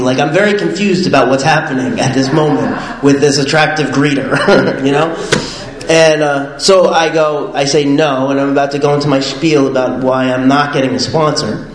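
A man casually telling his personal recovery story, rambling and animated, full of fillers and laughing often. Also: on the high side, reverberant, poor audio.

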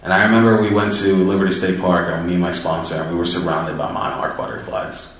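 A man's voice: sits low, level tone, fast, a bit bright, slight background noise. A man earnestly and reflectively telling his personal story of recovery. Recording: very echoey room, distant mic.

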